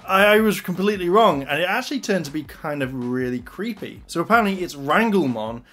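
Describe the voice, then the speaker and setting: A man giving a casual, animated spoken review, retelling scenes and acting out the characters' lines with frustration. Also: on the high side, a little fast, faint music behind. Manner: excitable, animated retelling with acted-out quotes. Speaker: anime reviewer.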